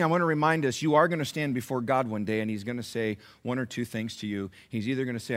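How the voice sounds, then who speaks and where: A middle-aged male pastor preaching a sermon, swinging from loud exhortation to hushed, near-whispered pleading, with emphatic repetition and slow, drawn-out stresses. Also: medium pitch.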